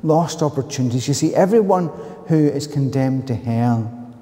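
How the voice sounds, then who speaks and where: A man with a Glaswegian accent preaching a sermon, telling a personal story in an animated way with loud, higher-pitched outbursts. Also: normal speed. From Scotland. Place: church. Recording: long reverb of a church hall.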